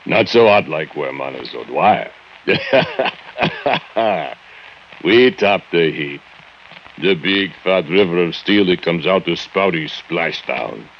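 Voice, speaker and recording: A deep, brooding foundry laborer in broken English. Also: male voice, lively intonation, takes it slowly, slight background noise, full character voice. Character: brooding immigrant foundry laborer, drunk and bitter. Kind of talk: 1940s radio acting. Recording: dull lo-fi old radio recording with music.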